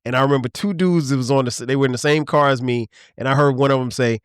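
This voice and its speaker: A middle-aged man hosting a podcast, talking in a relaxed, rambling way with many restarts. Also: medium pitch, fast talker, hardly any pauses, smooth, dry recording, studio quality. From southern US. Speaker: podcast host. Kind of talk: casual conversation.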